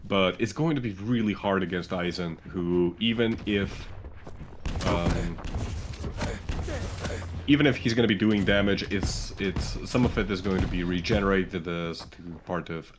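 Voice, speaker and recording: A man from Latvia doing steady, analytical play-by-play commentary on an esports match, with plenty of fillers. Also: low-pitched, measured pace, background noise. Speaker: esports caster.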